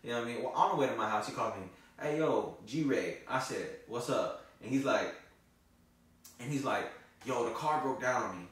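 A man's voice: mid-range voice, lively intonation, a little fast, fairly bright tone. Profane, rambling man vlogging in an echoey space. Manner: loose and profane, storytelling. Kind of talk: casual vlog talk. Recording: echoey, from far off the mic.

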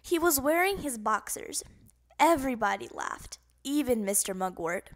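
A woman reading a children's storybook aloud, expressive and voicing sound effects. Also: a little high, normal speed. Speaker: audiobook reader.

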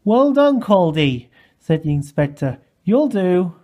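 A man voicing a stern, commanding railway inspector in a storybook, barking orders loudly. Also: high voice, lively intonation, slow pace, heavily acted.

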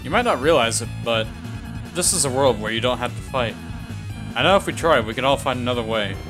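A man doing a gentle young game prince who pleads earnestly for peace, soft and sincere. Light music plays underneath. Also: mid-range voice, lively intonation, brisk, lightly acted.

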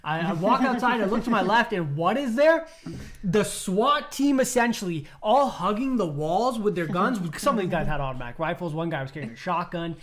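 A man co-hosting a podcast, telling a story in casual chat, animated, acting out the voices of people he quotes and laughing often. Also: high-pitched, moderate pace. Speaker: podcast co-host.

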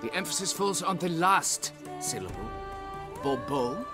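A man's voice: medium pitch, big pitch swings, moderate pace, natural voice. A man playing a pompous haughty nobleman. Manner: pompous, demanding deference. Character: pompous haughty male nobleman, vineyard owner. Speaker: nobleman hiring a witcher. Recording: game audio with music underneath.

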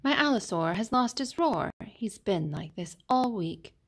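Lively woman reading a picture book. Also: medium pitch, measured pace. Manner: expressive, sing-song storytelling. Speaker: storybook reader.

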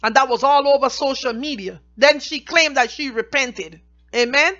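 A woman teaches scripture in a high, bright voice. She reads each verse slowly, then explains it in plain, everyday words. The recording sounds dull and lo-fi. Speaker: Bible teacher.

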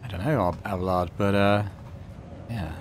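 Low-voiced man narrating a game. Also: steady tone, normal speed, slight background noise. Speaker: let's play host. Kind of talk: game commentary and reading on-screen text.

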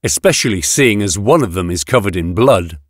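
A man's voice: fairly low pitch, animated, normal speed, dry recording. A male audiobook narrator voicing a wary, practical man with a dry, understated delivery.

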